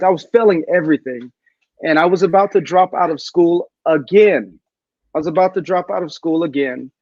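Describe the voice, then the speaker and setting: A man speaking as a guest in a video call interview, an animated storyteller who acts out the voices he quotes. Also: fairly high pitch, no room sound, dull audio.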